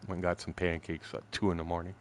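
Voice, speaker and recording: The speaker is a Windsor, Canada man in his sixties, gaming on stream and delivering a profane, rambling tale with blunt chuckles. He talks quickly in a low voice with a level tone.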